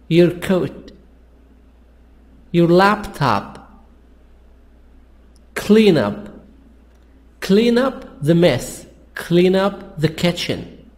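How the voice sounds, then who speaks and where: A man teaching an English lesson in a slow, repetitive, explaining manner. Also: high-pitched, darkish tone. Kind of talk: classroom language lesson.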